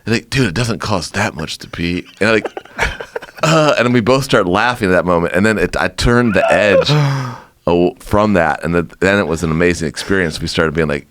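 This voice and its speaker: A man, a podcast guest, telling a story in casual chat, animated and laughing, swearing and acting out quotes. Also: sits low, moderate pace.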